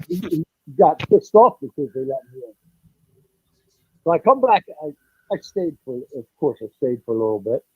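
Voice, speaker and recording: A man calling in as a guest who tells his story haltingly and keeps clearing his throat. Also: on the high side, big pitch swings, a little mellow, no echo. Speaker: guest on call. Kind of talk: casual storytelling chat. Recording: dull, muffled phone call.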